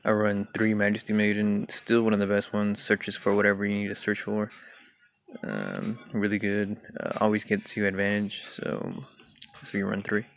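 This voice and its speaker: A young man casually walking through his card game deck, talking in a relaxed way with many fillers and throat clears. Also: on the low side, moderate pace. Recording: dull lo-fi home recording with faint hiss.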